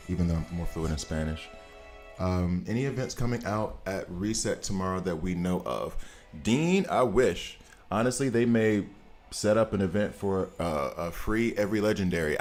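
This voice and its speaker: An American man chatting casually on a live game stream, greeting viewers and laughing often. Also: low voice. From United States. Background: soft background music.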